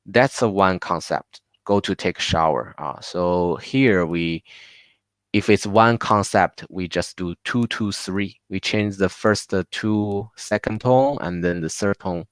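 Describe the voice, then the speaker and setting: A man with a Chinese accent teaching a live online lesson, patiently repeating words slowly for his learners. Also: low voice, dry recording, clean studio sound. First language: Mandarin Chinese.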